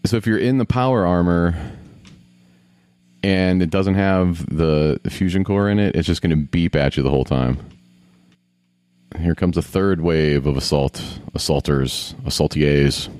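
Man, very deep voice, gameplay commentary, swearing, talks to himself, dry recording. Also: a little slow, darkish tone, smooth, no echo. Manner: grumbling, swearing, talking to himself. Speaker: gamer.

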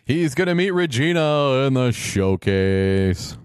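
A man's voice: mid-range voice, very animated, slow, smooth. A man giving casual, joking play-by-play commentary while watching a game show, with sarcastic asides.

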